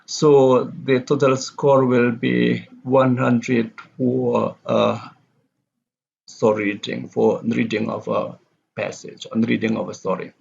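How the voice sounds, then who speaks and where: Man, lecturer, gravelly, husky, halting with self-corrections, non-native Indonesian speaker. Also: mid-range voice, flat delivery, darkish tone. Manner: speaks deliberately, explaining step by step. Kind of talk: recorded lecture. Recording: dull lo-fi recording.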